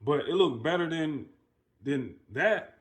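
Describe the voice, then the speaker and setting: A man's voice: fairly high pitch, animated, slow. Man telling a blunt, profane story. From United States. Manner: loose, profane, storytelling with many restarts. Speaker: commentary host. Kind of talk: casual storytelling commentary.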